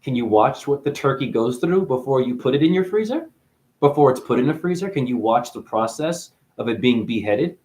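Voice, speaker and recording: A man's voice: medium pitch, animated, a little fast, darkish tone. A man delivering a profane, preachy spiritual rant straight at his viewers, swearing freely as he lectures them. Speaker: vlogger.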